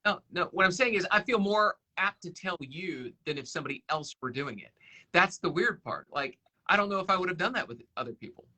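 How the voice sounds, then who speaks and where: A man's voice: sits high, animated, fairly quick, pushed and bright. A man hosting a radio show, chatting casually with his twin brother in a playful, joking way.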